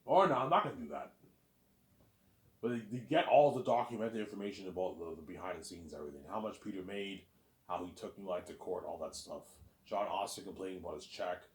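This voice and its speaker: A man's voice: deep voice, fast talker, darkish tone, reverberant. A man hosting his own listening series, rambling in a casual, boastful monologue and often repeating words as he restarts.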